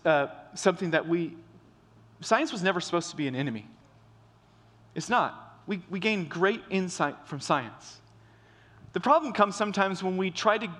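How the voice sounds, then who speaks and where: A man delivers a sermon in a relaxed, conversational way, often stumbling, restarting and doubling words as he talks. His voice sits a bit higher than most men's. The sound carries a long reverb, as in a large church. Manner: conversational preaching with restarts and repetition. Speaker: pastor.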